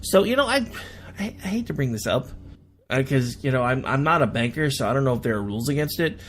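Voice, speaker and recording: An American man hosting a radio show, reading international news aloud and breaking off into sarcastic, self-deprecating asides with halting restarts. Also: mid-range voice, animated, a bit bright. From United States. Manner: reads news then adds chatty sarcastic asides. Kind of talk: casual news commentary.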